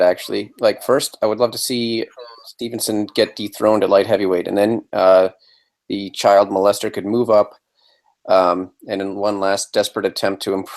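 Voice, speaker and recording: A man co-hosting a live boxing podcast, chatting casually with blunt, crude, provocative jokes. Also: lowish voice. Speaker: podcast co-host.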